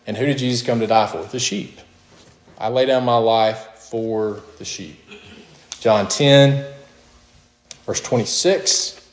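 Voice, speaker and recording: A man preaching with emphatic, insistent delivery, and his voice jumps high whenever he asks a question. His pitch sits in the middle for a man. The sound carries a clear echo, as if he were recorded in a reverberant room. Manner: emphatic, rising to high questions, with short laughs. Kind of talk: sermon.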